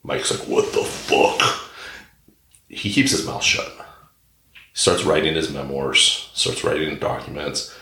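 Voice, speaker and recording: A man with a very deep but bright, forceful voice tells a rambling, irreverent comic story as podcast host. He jokes crudely and drifts off on tangents. The room around him is echoey. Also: steady tone, unhurried, gravelly.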